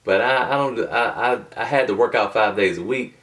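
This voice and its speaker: A man with a fairly low voice talks to camera in a loose, rambling way, full of slang, restarts and side tangents. He sits back from the microphone, so the sound is a little distant. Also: moderate pace, a bit bright. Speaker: motivational video host. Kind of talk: casual talking-to-camera monologue.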